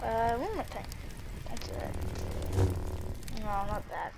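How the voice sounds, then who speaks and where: A woman giving casual commentary on her own gameplay, talking to herself and bursting into excited yelling. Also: on the high side, slow pace, creaky, very noisy. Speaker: gameplay streamer.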